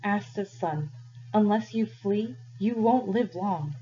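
A woman voicing a gentle, weary old village priest who speaks softly and carefully in a read-aloud story, her voice husky. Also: slow, lightly acted. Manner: soft, low and careful. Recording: dull lo-fi recording.

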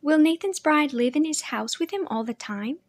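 A woman reading an audiobook, voicing a timid, sheltered young woman who asks soft, childlike questions. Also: sits high, expressive, moderate pace, no room sound, clean studio sound, pitched above the performer's own voice. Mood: wondering. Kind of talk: audiobook character voice.

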